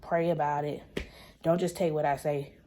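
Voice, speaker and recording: Low, warm-voiced woman chatting to her viewers. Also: fairly even intonation, normal speed, slight background noise. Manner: chatty and earnest, addresses viewers as y'all, slips into soft whispered asides. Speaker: vlogger. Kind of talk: casual chat to camera.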